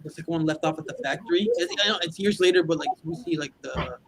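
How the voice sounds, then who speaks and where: A man's voice: fairly high pitch, fast talker, noisy background. A man co-hosting a casual movie chat, eager and rambling, laughing often. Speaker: podcast co-host.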